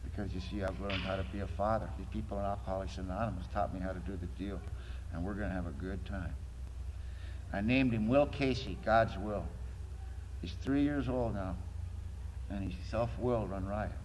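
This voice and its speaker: A man's voice: sits low, normal speed, background noise. Man telling his story in an echoey hall. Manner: earnest storytelling, acts out dialogue. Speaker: recovery meeting speaker. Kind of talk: personal testimony talk.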